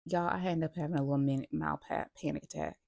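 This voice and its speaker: A woman's voice: low voice, steady tone, fast talker, gravelly, darkish tone, dry recording, studio quality. A woman vlogger casually retelling a personal story, quoting herself and others as she goes and often restarting her sentences mid-thought. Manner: retells events with many "I'm like" quotes.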